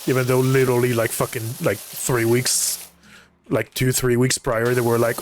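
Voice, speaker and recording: A man's voice: medium pitch, little pitch movement, normal speed, slight background noise, rough recording. A man, ranting on a casual livestream with lots of swearing and fillers. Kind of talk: casual chat while gaming.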